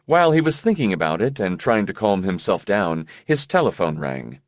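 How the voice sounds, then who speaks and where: A man narrating an audiobook in a measured, expressive reading voice. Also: deep voice, no echo, clean studio sound. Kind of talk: scripted narration.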